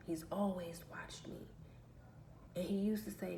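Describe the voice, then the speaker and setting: Woman, vlogger, low pitch, emphatic repetitive rant, echoey room, faint background hiss. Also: fairly even intonation, a little slow, gravelly, long pauses, dark tone. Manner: emphatic, repeats phrases, aggrieved. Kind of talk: personal storytelling rant.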